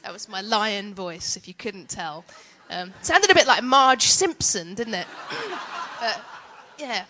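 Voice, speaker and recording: A woman's voice: mid-range voice, expressive, measured pace, bright, forceful tone, slight background noise. A woman giving a chatty, self-mocking teaching talk on worship to church leaders.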